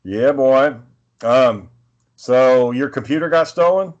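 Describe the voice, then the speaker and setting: A man of middle pitch spins a loose, swearing story in an easygoing chat. The sound is a bit dull and lo-fi. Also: slow. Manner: profane, rambling, laid-back. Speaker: podcast co-host.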